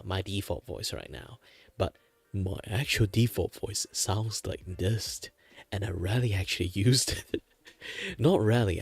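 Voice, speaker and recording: A man from Malaysia chatting casually on his art livestream, rambling with many fillers and frequent chuckles in a relaxed, low natural voice. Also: vocal fry, no room sound. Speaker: VTuber art streamer.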